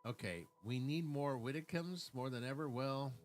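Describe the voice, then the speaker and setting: A man's voice: medium pitch, moderate pace, faint music behind. A man on a livestream giving an argumentative political rant, reading comments aloud and rebutting them point by point with frequent restarts. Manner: stumbling restarts, lecturing tone.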